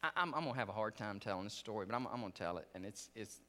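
Lively middle-aged preacher in an echoing chapel. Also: male voice, fairly low pitch, rapid-fire. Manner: animated storytelling with stumbling restarts. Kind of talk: chapel sermon. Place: seminary chapel. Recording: long reverb of a chapel hall.

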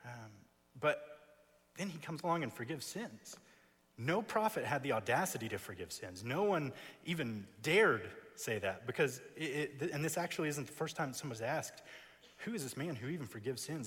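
A man's voice: medium pitch, fairly bright tone, slightly rough. A man preaching an expository sermon in a seminary chapel, building his points with emphatic repeated phrases. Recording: long reverb of a chapel.

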